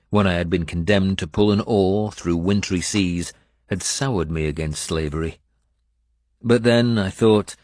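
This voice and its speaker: A man narrating an audiobook in the first person, with steady, measured storytelling. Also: low voice, no echo, studio quality.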